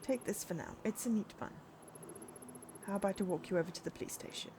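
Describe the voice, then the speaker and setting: A woman's voice: mid-range voice, fast, background noise, natural voice. A woman reading the lines of a kindly, patient, middle-aged father in a story game, with her own plain voice.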